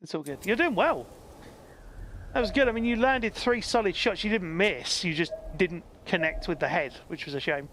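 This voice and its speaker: Man, game streamer, lively pitch, on the high side, encouraging, faint background noise. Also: normal speed. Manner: encouraging, chatty, reads out chat, laughs often. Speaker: streamer guiding a blind player. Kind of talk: casual game stream chat.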